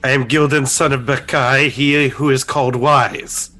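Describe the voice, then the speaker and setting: A grandly formal wanderer of the wastes who speaks in slow, solemn pronouncements, as a man plays him in a tabletop game. The voice is bright and even, with faint music underneath. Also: medium pitch.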